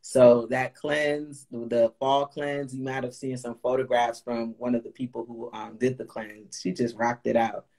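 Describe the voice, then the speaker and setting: A husky-voiced host in the middle pitch range, chatting live with a viewer in an easygoing way. Encouraging and affirming, the host cheers people on while pitching weekly wellness sessions. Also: flat delivery, a little slow, few pauses, darkish tone. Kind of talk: live online Q&A chat.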